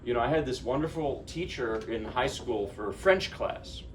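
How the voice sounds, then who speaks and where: A man's voice: mid-range voice, normal speed, a little hiss or hum. A man from New Jersey talks informally between piano pieces, rambling and lighthearted, often stopping short to restart a thought. He is picked up from some distance in a small, living-room-like room, with a faint wash of ambience behind him. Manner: chatty, rambling, self-interrupting, lighthearted. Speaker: pianist giving a lecture-recital.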